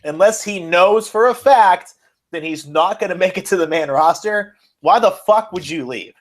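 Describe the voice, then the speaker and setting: A man co-hosting a casual wrestling and sports podcast, excitable and rambling, swearing as he goes. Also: sits high, normal speed. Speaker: podcast co-host. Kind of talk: casual chat.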